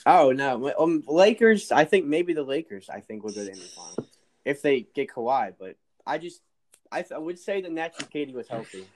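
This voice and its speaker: A man's voice: medium pitch, big pitch swings, fairly quick. A man talking as a guest in a casual sports chat, giving strong opinions and repeating his points.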